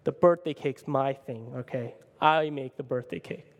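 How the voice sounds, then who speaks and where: A man voicing a brusque, impatient diner cook who talks gruffly and bluntly. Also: mid-range voice, moderate pace, big-room sound, pitched below the performer's own voice, close to an everyday voice.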